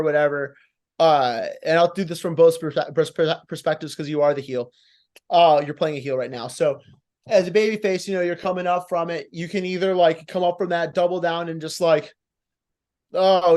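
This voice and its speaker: Male competition judge, high voice, blunt coaching critique, acts out examples. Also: darkish tone. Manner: blunt, coaching, acts out moves and lines, casual swearing. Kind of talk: live critique of wrestling promos.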